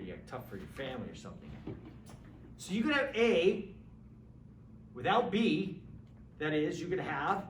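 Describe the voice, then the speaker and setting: A man teaching an introductory philosophy class in a conversational, lively way, acting out examples and checking in with students. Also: on the high side. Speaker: philosophy lecturer. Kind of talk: classroom lecture. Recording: roomy, distant mic with faint background hum.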